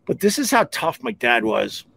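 A radio host, telling rambling stories in a casual, animated way and often breaking off to act out other people's voices. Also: male voice, mid-range voice, normal speed, gravelly. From Long Island, New York. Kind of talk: casual storytelling podcast.

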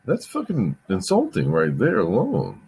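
A man's voice: lowish voice, huge pitch swings, a little slow, vocal fry, darkish tone, a little hiss or hum. A man chatting casually on a podcast, rambling through a story, repeating himself and swearing. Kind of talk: casual chat.

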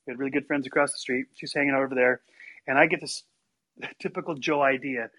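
A man telling a story in casual chat, animated and acting out the quotes. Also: medium pitch, quick pace, husky, poor audio. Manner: animated, acts out quotes with big voice shifts.

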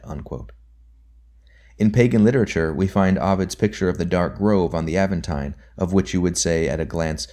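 Very deep-voiced male audiobook reader. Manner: measured, deliberate reading that drops softly on quote markers. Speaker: audiobook narrator. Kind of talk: scripted reading of a nonfiction book.

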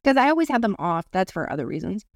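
Brief: woman co-host, middle pitch, loose rambling talk, hunts for words. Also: big pitch swings, fast, gravelly, no echo, studio quality. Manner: rambling, searches for words, casual swearing. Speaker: podcast co-host. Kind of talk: casual chat.

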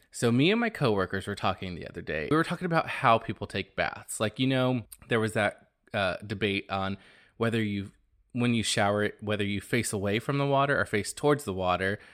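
A man hosting his own podcast, talking in a casual, animated and gossipy way, often exclaiming. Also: fairly low pitch. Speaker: podcast host.

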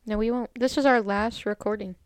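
A woman co-hosting a podcast in casual chat, playful and teasing with quick interjections. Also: fairly high pitch, steady tone, smooth, no echo. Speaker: podcast co-host.

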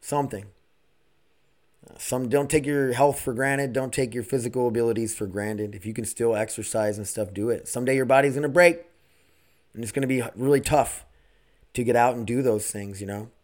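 A man hosting a casual solo podcast, talking bluntly and rambling from one thought to the next. He swears freely, and his voice sits at an ordinary middle pitch for a man. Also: brisk, a little mellow. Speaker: podcast host.

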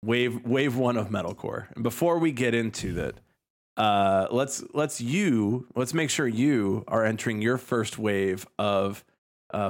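A man co-hosting a music podcast, joking and chatting loosely with many restarts. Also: lowish voice. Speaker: podcast co-host. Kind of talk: casual podcast chat.

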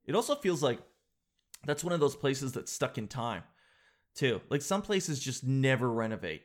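A man's voice: mid-range voice, sing-song, normal speed. A man, hosting a daily show in a casual, rambling monologue full of self-mocking jokes. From Canada.

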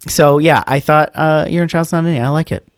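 A man's voice: a little high, brisk, no room sound, clean studio sound. A man co-hosting a podcast in casual chat, rambling and joking with lots of hedges. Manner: rambling, hedging with fillers, joking. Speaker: podcast co-host.

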